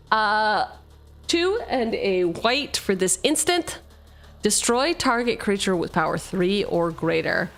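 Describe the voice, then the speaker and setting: A woman's voice: medium pitch, expressive, measured pace, fairly bright tone. A woman streamer chatting casually and swearing freely while opening card packs, laughing often.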